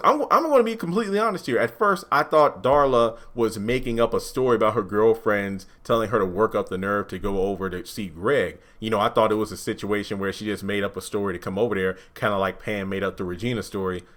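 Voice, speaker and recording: A man giving a casual spoken review of a TV episode, animated and quick to act out the characters' lines. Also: fairly low pitch.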